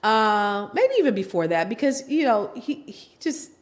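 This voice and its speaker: A middle-aged woman speaks frankly about her own life as an interview guest. She switches into the voices of her children and her ex when she quotes them, with swings in pitch and loudness. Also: normal speed. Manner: animated, acts out family members' lines in voices. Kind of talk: candid personal storytelling.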